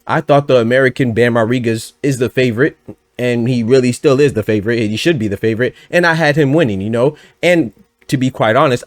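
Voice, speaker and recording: Male boxing-news host, chatty and energetic, mid-range voice, dry booth sound. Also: medium pitch, no room sound. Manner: energetic, chatty, full of asides and sudden laughter. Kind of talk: casual commentary.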